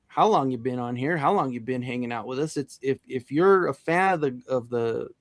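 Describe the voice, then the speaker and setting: A man's voice: mid-range voice, animated, moderate pace, no echo. A man hosting a casual livestream, enthusiastic and friendly, often saying dude. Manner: enthusiastic, says dude a lot. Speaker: host.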